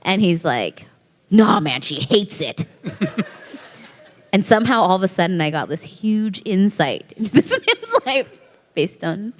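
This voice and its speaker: A woman answering questions on a convention panel, telling an anecdote in a lively way and acting out the other people in it. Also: mid-range voice, a little slow. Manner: animated storyteller, acts out voices in anecdotes. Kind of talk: casual panel Q&A. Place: large convention hall. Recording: long hall reverb.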